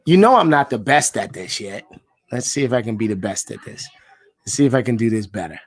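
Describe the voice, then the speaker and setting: A man who is a sales director, hosting a live coaching stream in an energetic, slangy way and calling out viewers by name. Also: brisk, husky, no echo, studio quality. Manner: hyped and slangy, shouting out viewers by name, jumping to high excited pitch. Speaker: sales director leading a live call session.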